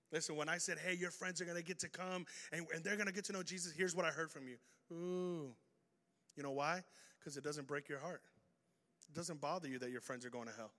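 A man preaching an energetic sermon, telling a story and swinging between loud bursts and hushed lines. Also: a little high. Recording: reverberant hall.

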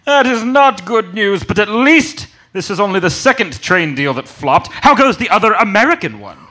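Pompous, fretful aristocrat played by a man: high, bright, lively, for a comedy audio sketch. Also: moderate pace, exaggerated voice. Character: pompous, fretful English male lord.

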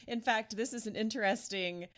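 A woman pastor chats on a podcast, telling a story in a casual way. She is animated and laughs often, and her pitch swings widely as she goes. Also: normal speed.

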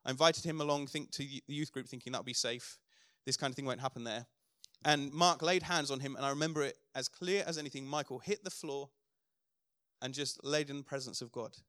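A man's voice: mid-range voice, fairly quick, a bit bright, no room sound, studio quality. A middle-aged man preaching a sermon as pastor, earnest, building to emphatic declarations.

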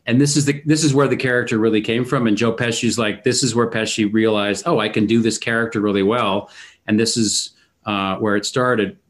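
A man's voice: on the low side, fairly even intonation, a little fast. Man animatedly retelling film scenes. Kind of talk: casual film discussion.

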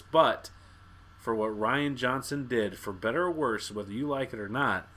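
Bright, animated male podcast co-host. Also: mid-range voice, normal speed. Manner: animated, acts out his own reactions. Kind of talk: casual movie discussion.

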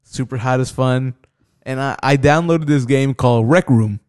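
Male podcast co-host, casual rambling storyteller, crude, average pitch. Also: normal speed, darkish tone, clear, resonant tone. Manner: rambling, filler-heavy, crude.

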